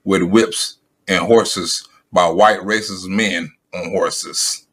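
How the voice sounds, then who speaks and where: A man with a fairly low voice roasts his targets in a brash, mocking style, swearing freely. He hosts a comedy commentary show with a quick, jabbing delivery. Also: fairly even intonation, a bit bright, slightly rough. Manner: brash, mocking, heavy cursing. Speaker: comedian host. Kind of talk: profane comedic commentary over clips.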